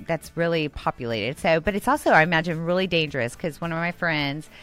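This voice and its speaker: A woman's voice: deep voice, expressive, fairly quick, a bit bright, clean tone, faint music behind. A woman co-hosting a casual chat, rambling and laughing often as she tells stories. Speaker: co-host.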